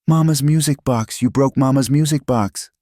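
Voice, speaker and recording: A man reading a storybook voicing a stubborn, tearful young girl in a high voice. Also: sing-song, moderate pace, dry recording, studio quality, full character voice.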